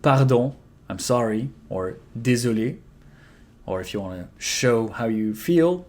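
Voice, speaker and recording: A man from France with a French accent, a language coach who models each phrase slowly and repeats it before calmly explaining it. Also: mid-range voice. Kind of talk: language lesson to camera.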